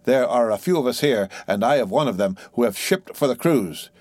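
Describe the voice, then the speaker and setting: A man reading aloud and voicing a defiant rough sailor who leads a mutiny, speaking in bold, challenging sailor talk. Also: medium pitch, expressive, fairly quick, darkish tone, no echo, clean studio sound, lightly acted. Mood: firm.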